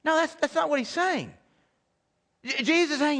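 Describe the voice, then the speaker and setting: High-voiced man preaching a sermon. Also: moderate pace, a bit bright. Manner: conversational preaching with rhetorical questions and repeated restarts. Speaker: pastor. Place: church hall with audience.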